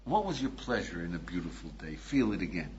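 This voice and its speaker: An older man, a rabbi, giving a lively lecture, acting out little scenes and asking his listeners questions. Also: low voice, fairly quick, lo-fi sound, slight background noise. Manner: animated, acts out little scenes with voices, laughs, asks the audience. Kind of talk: recorded lecture.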